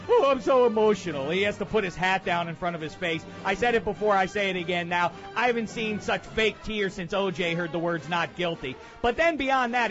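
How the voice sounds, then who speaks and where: A man's voice: high voice, a bit bright, muffled recording. A man hosting a comedic sports radio segment, ranting sarcastically and with heavy emphasis. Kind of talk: comedic sports commentary rant.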